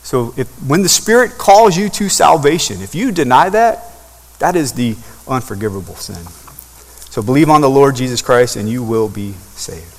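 A man's voice: medium pitch, expressive, normal speed. A man preaching a sermon, rising repeatedly to impassioned peaks. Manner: building to impassioned crescendos. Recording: long hall reverb.

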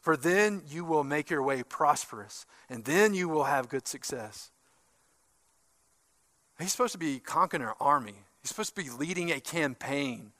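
High-voiced pastor preaching with fervor. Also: male voice, no echo. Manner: emphatic, swinging from loud bursts to hushed asides. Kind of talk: sermon.

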